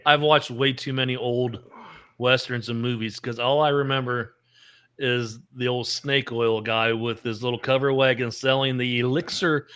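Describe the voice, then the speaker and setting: A man's voice: mid-range voice, fairly even intonation, normal speed, a bit bright, clean tone. A man co-hosting a casual podcast, reading out trivia and telling rambling jokes. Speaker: podcast co-host. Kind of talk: casual chat.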